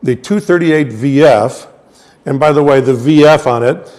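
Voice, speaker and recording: A man's voice: mid-range voice, moderate pace, darkish tone. Patient man explaining trumpet designs. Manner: patient, explanatory, often checking in with "all right?". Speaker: trumpet product specialist. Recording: reverberant room with long echo.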